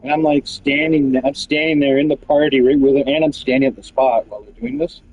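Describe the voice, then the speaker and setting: A man's voice: medium pitch, expressive, brisk, darkish tone, slightly rough, muffled recording. A man telling a long, meandering story about other players in casual chat, swearing freely. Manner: loose, meandering, peppered with swearing and fillers.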